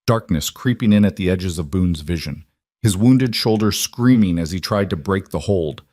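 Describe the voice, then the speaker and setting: A man narrating a scripted western story in a steady, even way. His voice sits low. The sound is dry and close. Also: moderate pace, no echo.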